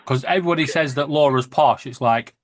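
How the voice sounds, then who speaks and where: A man's voice: mid-range voice, a little fast, no echo. A man from Lancashire with a northern English accent, chatting casually as host and laughing often. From Lancashire, England. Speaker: podcast host. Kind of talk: casual chat.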